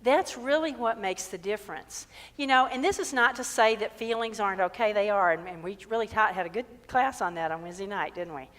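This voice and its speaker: A woman's voice: medium pitch, fairly quick, few pauses. A woman minister giving a conversational sermon, joking and asking many rhetorical questions. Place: church sanctuary. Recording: long reverb in a hall.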